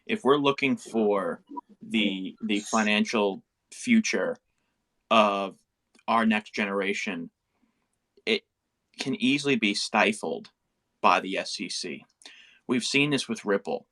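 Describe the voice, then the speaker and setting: A man in an online community discussion, speaking in measured, halting phrases. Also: lowish voice, pushed and bright.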